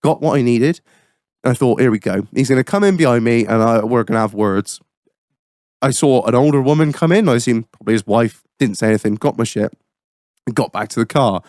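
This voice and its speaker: A man's voice: mid-range voice, a little fast, dry recording, clean studio sound. Sweary man telling a story. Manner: profane, animated storytelling. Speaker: podcast host. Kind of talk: casual chat, storytelling.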